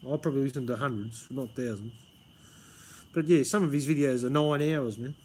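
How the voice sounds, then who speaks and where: A man's voice: medium pitch, brisk, darkish tone, husky. An Australian man hosting a live stream, rambling casually, swearing and saying "man" a lot, outdoors under a pergola. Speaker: livestream host.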